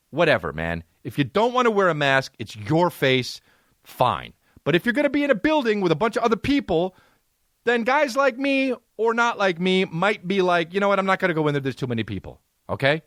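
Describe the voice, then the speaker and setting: A man's voice: fairly high pitch, a bit bright, dry recording, clean studio sound. A man hosting a comedy podcast, ranting in a profane, sarcastic way. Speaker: podcast host.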